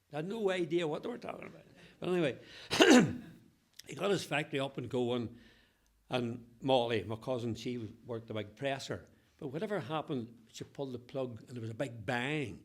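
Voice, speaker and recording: A man's voice: medium pitch, vocal fry. A man in his eighties from Ballywalter with a Northern Irish accent, telling local stories from his childhood with frequent chuckles and broad local dialect. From Ballywalter, Northern Ireland. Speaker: local historian interviewee. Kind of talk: reminiscing storytelling.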